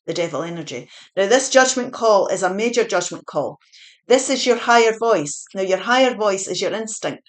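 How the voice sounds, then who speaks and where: A woman's voice: medium pitch, a bit bright. A woman giving a spiritual pick-a-card tarot reading, earnest and encouraging, repeating her points with small fillers. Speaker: tarot reader.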